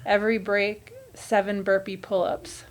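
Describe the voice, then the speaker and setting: Woman, even and matter-of-fact, casual chat. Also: medium pitch, measured pace.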